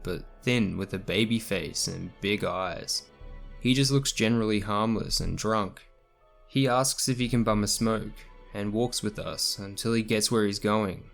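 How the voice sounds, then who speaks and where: A man narrating a true scary story in the first person, in a steady, scripted storytelling manner. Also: lowish voice, creaky.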